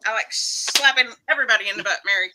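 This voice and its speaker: A woman's voice: mid-range voice, quick pace, pushed and bright, slight background noise, rough recording. A woman with a Texan accent, chatting and teasing as the host of a live stream and greeting her viewers. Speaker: livestream host. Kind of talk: casual live-stream chat.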